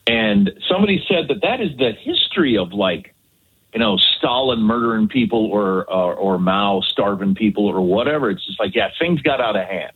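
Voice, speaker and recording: Man, radio co-host calling in, rambling casual talk, husky lower voice, phone-line sound. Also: expressive, normal speed.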